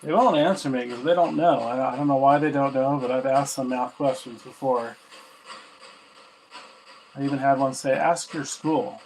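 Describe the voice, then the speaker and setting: A man hosts a ghost box session from home, offering casual commentary while he questions spirits out loud and pokes fun at what they say. He speaks at a moderate pace in a mid-range voice with long pauses, and the low-quality recording carries a constant ghost box hiss.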